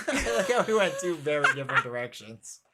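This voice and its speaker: A woman's voice: lowish voice, very animated, normal speed, heavy background noise. A woman co-playing a board game on a stream, who reads the rules aloud and makes dry, teasing remarks. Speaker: co-player reading game rules. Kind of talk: casual game stream chat.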